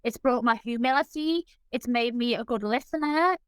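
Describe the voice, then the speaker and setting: A woman's voice: on the high side, normal speed, clean tone, no room sound, rough recording. A woman guest in an interview, talking in an effusive, openly emotional way. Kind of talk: casual interview chat.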